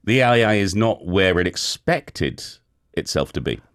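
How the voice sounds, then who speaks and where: A man's voice: low-pitched, big pitch swings, a little slow, a bit bright. A man hosting a radio book show, explaining a story's plot step by step. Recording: music playing underneath.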